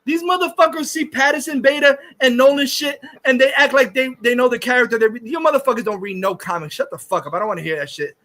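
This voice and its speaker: A man's voice: very high-pitched, fast, few pauses, fairly bright tone. A man hosting a livestream, ranting casually in a heated, profane, insulting way. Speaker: livestream host.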